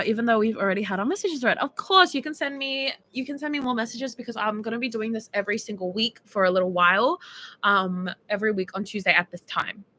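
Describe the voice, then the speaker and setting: In a casual stream, a twenty-something Australian woman giggles and chats, filling her speech with fillers as she reads viewer texts. Her voice is a little high with a sharp tone, and there's slight hiss or hum.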